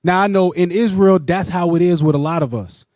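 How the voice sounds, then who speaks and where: High-pitched guy teaching a bible class, animated, keeps repeating himself, dry close mic. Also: brisk, dry recording. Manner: animated, repetitive, often asks "you know what I'm saying". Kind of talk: religious teaching discussion.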